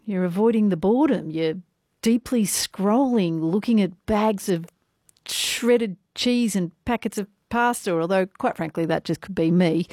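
This is a woman hosting a radio show, chatting easily and joking with her listeners. Her voice sits a little low, and the studio sound is close and dry. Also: normal speed, darkish tone, no room sound. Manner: chatty, playful aside to listeners. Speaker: radio presenter. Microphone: studio microphone.

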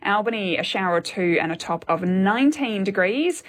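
A woman reading a weather forecast on radio, then chatting with a wry, brisk manner. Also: medium pitch, lively intonation. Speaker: weather presenter. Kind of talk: weather report then casual chat.

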